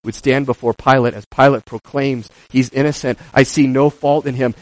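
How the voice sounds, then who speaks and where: A man preaching a sermon, moving between loud emphatic passages and quiet asides, acting out quoted voices. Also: fairly even intonation, normal speed, hardly any pauses, no echo, low-quality recording. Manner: acts out quoted voices with rising pitch.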